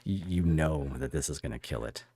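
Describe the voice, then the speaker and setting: A male podcast host with a very low, husky voice, asking rambling questions full of halting restarts. The sound is close and dry, with no room to it. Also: animated, dark tone, dry recording. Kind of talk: casual podcast interview.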